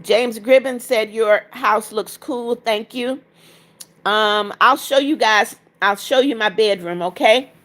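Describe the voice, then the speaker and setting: A woman's voice: fairly high pitch, takes it slowly, fairly bright tone. A woman hosting a casual livestream from her apartment, chatting and reading viewer comments aloud as she shows viewers around. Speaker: livestream host.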